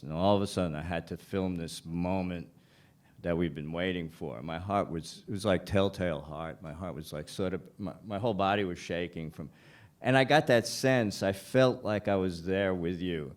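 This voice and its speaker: A man with a low voice moderates a festival panel. He asks his questions in halting phrases, often restarting mid-sentence. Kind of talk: panel interview.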